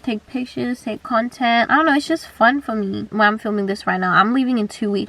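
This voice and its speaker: Chatty young woman vlogging, slightly high. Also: fairly bright tone, dry recording, distant mic. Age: 20s. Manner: chatty, rambling, goes off on tangents. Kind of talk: casual storytime chat.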